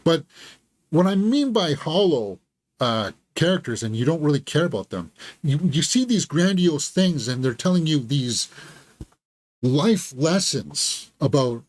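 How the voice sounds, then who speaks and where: A man's voice: on the high side, sing-song, measured pace, dry recording. A man hosting a live film review, thinking aloud and giving candid, critical verdicts. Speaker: movie reviewer and channel host. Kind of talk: live movie review commentary.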